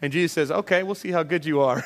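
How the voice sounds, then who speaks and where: Animated preacher in a reverberant hall. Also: male voice, on the high side, fast talker. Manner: animated, acts out voices of disciples and Jesus. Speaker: pastor. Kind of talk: sermon.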